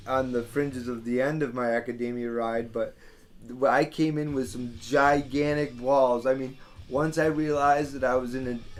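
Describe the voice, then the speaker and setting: A man in his thirties with a mid-range voice, chatting on a podcast. He talks bluntly and swears often, backing up and restarting his sentences as he works out his point. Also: medium pitch. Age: 30s. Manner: blunt, profane, hesitant restarts. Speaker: podcast co-host. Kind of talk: casual podcast chat.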